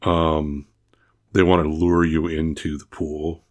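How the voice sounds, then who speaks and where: A man co-hosting a podcast, talking casually about a tabletop adventure, relaxed and quick to agree. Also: a bass voice. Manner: relaxed, short agreeing replies. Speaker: podcast co-host. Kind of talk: casual tabletop game discussion.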